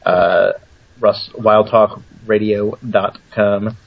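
A man guesting on an online radio show, self-deprecating and halting as he restarts his sentences. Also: fairly low pitch, little pitch movement, gravelly, lo-fi sound, a little hiss or hum. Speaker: guest columnist. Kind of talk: casual radio chat.

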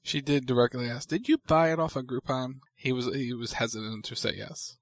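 A man's voice: mid-range voice, a little fast, dry recording. An easygoing man joins a casual recap, adding details and reactions to his co-host's story. His voice sits in a middle range and sounds close and dry. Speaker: podcast co-host. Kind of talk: casual chat.

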